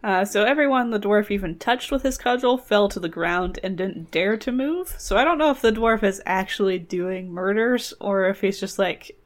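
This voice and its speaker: Woman host, casual comic storyteller, mid-pitched, digressive and playful. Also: moderate pace, few pauses. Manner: playful, digressive, laughs often. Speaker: podcast host telling a fairy tale.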